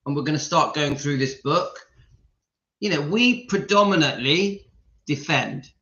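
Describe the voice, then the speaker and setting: A man's voice: on the high side, unhurried, pushed and bright, reverberant, dull audio. Emotional man chatting to viewers. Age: middle-aged. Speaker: live-stream host. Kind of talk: casual live-stream chat.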